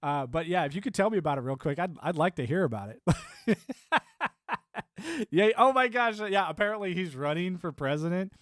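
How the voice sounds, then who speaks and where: Guy streaming, talks in loops, keeps laughing, kinda high voice, dead dry mic. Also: moderate pace, no room sound. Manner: rambling, laughs often, animated swings. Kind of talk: casual live-stream chat.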